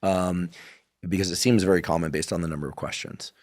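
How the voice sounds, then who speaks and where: A man with a very low-pitched voice hosts a science interview. He asks probing follow-up questions in an even, conversational way. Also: a little fast. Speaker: podcast host.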